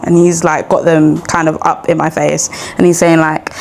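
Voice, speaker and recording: A woman's voice: deep voice, fairly quick, gravelly, hardly any pauses. A young woman, a sleep-deprived new mother, telling a rambling story in a casual vlog while walking outdoors. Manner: chatty, rambling, animated retelling. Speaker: vlogger. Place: outdoors on a street walk.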